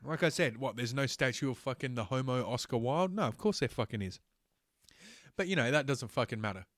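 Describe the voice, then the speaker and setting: A man's voice: medium pitch, lively intonation, a little fast, fairly bright tone, dry recording, studio quality. Sarcastic, foul-mouthed man ranting. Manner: sarcastic, heavy swearing; reads aloud with stumbles and filler. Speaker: host. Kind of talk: solo livestream rant.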